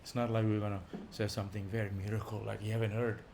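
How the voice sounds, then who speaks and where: Animated man giving an informal talk. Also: on the low side, fast talker, gravelly, noisy background. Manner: animated, rising loud for emphasis, chuckling. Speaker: visiting speaker.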